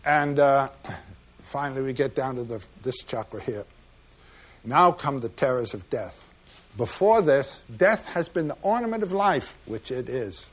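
A man giving a measured, reflective lecture about slides, pausing often with "uh" between phrases. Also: medium pitch, lively intonation. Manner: measured, reflective, with frequent pauses and "uh" fillers.

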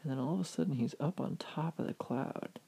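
A man telling a fanciful story aloud with animated, vivid narration. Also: a little high, a little fast, creaky, breathy edge. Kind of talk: oral storytelling.

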